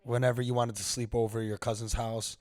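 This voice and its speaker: A man's voice: medium pitch, flat delivery, a little fast, a little mellow, no room sound. Blunt skeptical young man. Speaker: podcast co-host. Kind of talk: casual chat.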